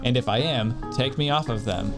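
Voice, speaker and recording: A man's voice: mid-range voice, moderate pace. Guy streaming a game, rambly and joking about himself, medium voice, faint music going in the back. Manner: rambling, self-deprecating, jokey. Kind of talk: casual stream chat.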